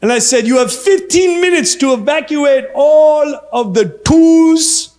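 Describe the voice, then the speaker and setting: A man putting on a high, squealing voice as a fake foreign dictator making a prank call. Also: a little slow, a little mellow. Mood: shrill menacing. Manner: high squealing put-on voice, drawn out.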